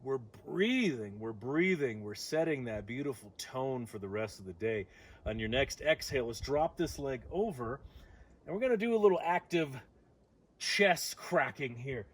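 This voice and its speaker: A man leading a morning yoga stretch outdoors, giving calm instructions with playful joking asides. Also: medium pitch, moderate pace. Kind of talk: guided yoga class. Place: outdoor deck on a windy morning.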